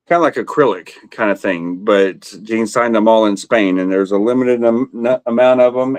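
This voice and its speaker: A man with a fairly low voice hosts a live stream, chatting casually and rambling through fillers and restarts. The sound is dry and close. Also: dry recording. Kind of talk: casual chat.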